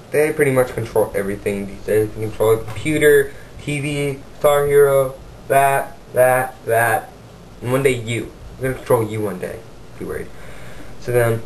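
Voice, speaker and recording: A man spinning an improvised silly story in a rambling, goofy way, full of restarts and tangents. His pitch is mid-range and ordinary. Faint background hiss. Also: a little mellow, poor audio.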